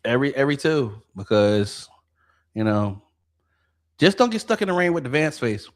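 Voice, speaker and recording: A blunt man co-hosting a casual livestream in an even, mid-pitched voice. He swears freely and keeps tagging "you know what I'm saying" onto his lines. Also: normal speed. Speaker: podcast co-host.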